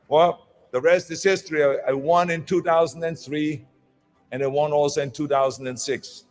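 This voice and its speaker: A man's voice: fairly high pitch, fairly even intonation, normal speed, soft background music. An older man with a German accent giving an emphatic motivational speech, with small slips in his phrasing. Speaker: motivational speaker.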